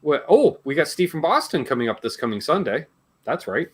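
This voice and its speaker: A man's voice: fairly high pitch, big pitch swings, fairly quick, slightly rough. A man in his forties from Canada, hosting a live guitar Q&A stream in casual, jokey chat. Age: 40s. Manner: rambling and jokey, laughs between remarks.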